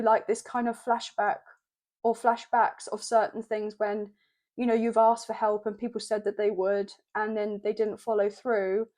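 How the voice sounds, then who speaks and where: Mellow-voiced woman giving a tarot reading. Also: a little high. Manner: flowing, repeats "I'm hearing" while channelling messages. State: choked up with emotion. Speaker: tarot card reader. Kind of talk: channelled tarot reading to camera.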